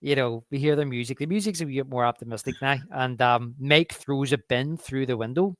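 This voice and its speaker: A man with a mid-range voice co-hosts a movie podcast with studio-quality, echo-free sound. Chatting casually about films, he stumbles through frequent restarts while recounting scenes and acting out quotes.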